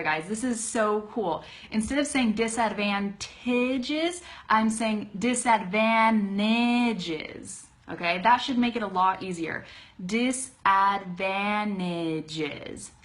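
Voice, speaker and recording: A woman teaching an English pronunciation lesson on a live stream, chatty and upbeat, greeting viewers and slowly modeling words to repeat. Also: medium pitch, fairly bright tone. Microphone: webcam close-up.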